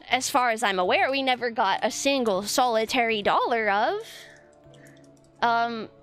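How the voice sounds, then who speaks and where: A woman's voice: on the high side, fairly bright tone. A woman streamer venting in a casual, frustrated rant, swearing often and rambling with lots of fillers.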